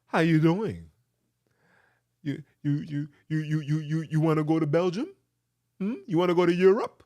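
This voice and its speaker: A man's voice: on the high side, moderate pace, warm tone, natural voice. A man voicing a creepy, wheedling old bearded European man who coaxes with repeated questions. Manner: coaxing, repetitive questioning.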